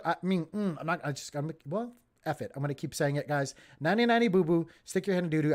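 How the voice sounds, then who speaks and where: A man hosting a casual crypto livestream, giving excitable, jokey market commentary straight to his viewers. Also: a little high.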